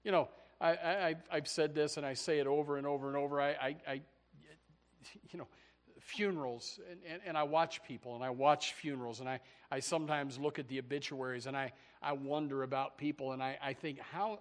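A man preaching a fiery sermon, swinging from loud shouts to hushed low passages, often stammering and repeating words. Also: fairly quick. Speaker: pastor.

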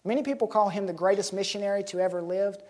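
A woman preaching with slow emphasis. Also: medium pitch, steady tone, a little mellow. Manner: emphatic, slows to stress key words; asks the congregation questions. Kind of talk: sermon.

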